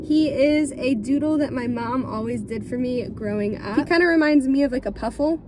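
A woman's voice: high voice, normal speed. A young American woman in her twenties, talking to her phone camera in a casual vlog, chatty and full of fillers. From United States. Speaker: vlogger. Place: outdoors on city streets. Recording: noisy street background.

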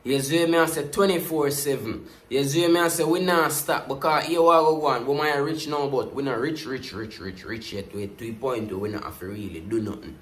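Reacting to a music video, a Jamaican man talks in patois on the high side, a little fast and with hardly any pauses, in a roomy space. His casual, animated commentary keeps looping to the same catchphrases.

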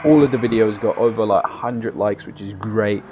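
A man's voice: lowish voice, normal speed, dull audio, noisy background. Tired, rambling man in gameplay commentary. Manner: rambling, swears freely, loud bursts of excitement. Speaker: gaming YouTuber.

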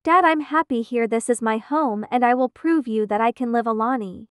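Woman doing a headstrong young artist girl, spirited, higher voice, dry sound. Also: moderate pace, no room sound, close to an everyday voice. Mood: cheerful.

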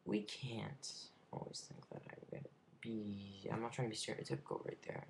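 Gravelly young man, rambling vlog. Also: on the low side, steady tone, normal speed, slight background noise. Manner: rambling, hesitant, lots of fillers. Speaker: vlogger. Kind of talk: casual vlog.

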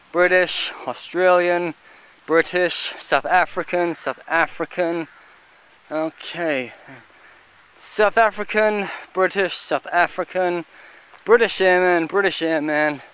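A man giving casual, halting commentary as he walks through an outdoor cemetery, listing what he sees with many fillers. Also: on the high side, a bit bright, clean tone. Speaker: vlogger touring a cemetery.

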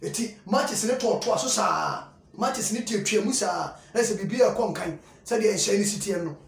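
A man's voice: high-pitched, animated, moderate pace, creaky. A man hosting a football talk show, commenting casually and animatedly, often repeating phrases and mixing in English words. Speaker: sports show host. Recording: echoey room, far from the mic.

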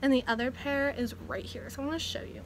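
A young woman chatting casually through a clothing haul vlog at home, speaking softly and sometimes half-whispering so as not to wake her family. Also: high-pitched, fairly even intonation, fast, background noise. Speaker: vlogger. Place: at home indoors.

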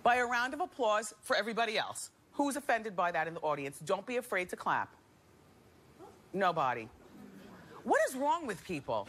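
A woman's voice: mid-range voice, very animated, normal speed, a bit bright, a little hiss or hum. A woman from New Jersey hosting a talk show, chatting animatedly and laughing often in a studio with an audience. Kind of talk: talk show gossip commentary.

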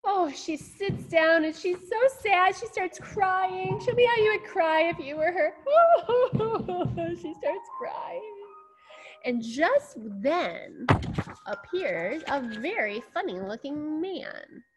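Lady ballet teacher telling kids a story, high voice, takes her time, bit of music. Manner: slow, animated storytelling with counting instructions. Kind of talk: storytelling dance class for children.

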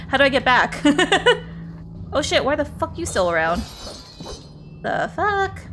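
A woman's voice: sits high, very animated, measured pace, long pauses, background noise. A woman streaming a video game, chatting to herself and her viewers and swearing often as she plays. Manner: chatty, swears a lot, talks to herself and chat. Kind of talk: casual gameplay commentary.

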